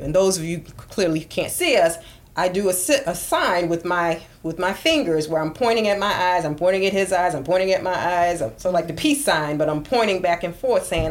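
Low-pitched woman co-host, earnest and animated, casual podcast chat. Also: moderate pace.

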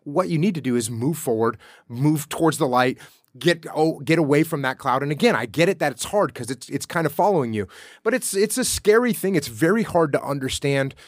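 A man as a podcast guest, talking in a measured, explanatory way in casual interview chat. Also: fairly high pitch, animated, dry recording, studio quality.

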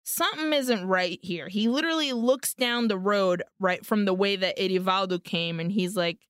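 In a casual film recap chat, this podcast co-host speaks at normal speed in a mid-range, fairly bright, smooth voice as she animatedly retells the plot and voices the characters' lines. The recording is dry and studio quality.

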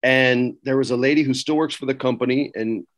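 A man's voice: mid-range voice, fairly even intonation, brisk. A middle-aged man, a podcast guest, telling stories in a casual way and acting out the quoted lines with a raised voice. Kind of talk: casual storytelling.

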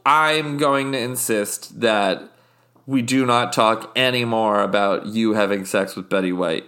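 Male podcast host, blunt and exasperated, slow delivery. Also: fairly low pitch, fairly bright tone, clean tone. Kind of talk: improvised comedy podcast.

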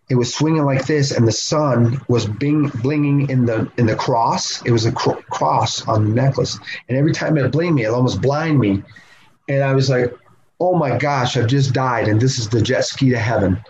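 A man guest on a podcast, telling a story in a lively way and laughing often. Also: mid-range voice. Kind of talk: animated storytelling. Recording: slightly dull sound with faint noise.

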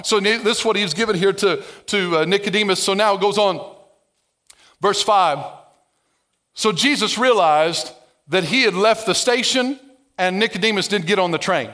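A man preaching a lively, conversational sermon as a pastor, acting out biblical dialogue with playful sarcasm and humor. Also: sits high, moderate pace.

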